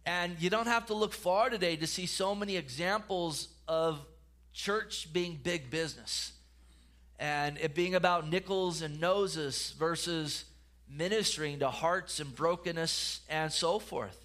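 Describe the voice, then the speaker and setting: A man's voice: fairly high pitch, a little slow, fairly bright tone. A man, a pastor, preaching a sermon in an earnest way, often repeating words and restarting phrases.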